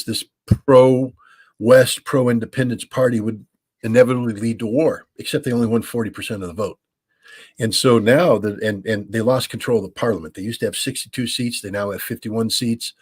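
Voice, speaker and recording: An American man in his sixties answers listener questions in a husky, fairly low voice. He explains at length in a measured way, often restarting with ums. The sound is dry and close. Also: no room sound. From United States. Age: 60s. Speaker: guest, former weapons inspector. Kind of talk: call-in interview answers.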